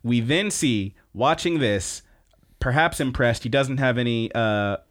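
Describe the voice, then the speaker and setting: Male podcast host, casual rambling recap, animated, loose and profane. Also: mid-range voice, measured pace.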